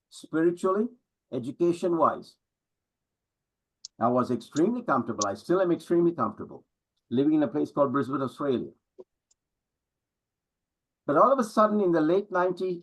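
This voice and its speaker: A middle-aged man coaches a live audience, pressing them with rhetorical questions in an emphatic, preacher-like way. His voice is husky and sits a little high. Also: poor audio. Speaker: business coach and speaker. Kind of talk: motivational talk to an audience.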